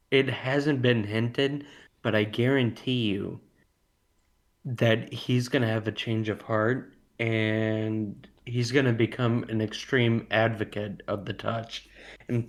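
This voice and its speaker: Slow, rambling man chatting on a podcast. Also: lowish voice. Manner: rambling, jokey, loses his train of thought. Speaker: podcast co-host. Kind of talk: casual film podcast chat.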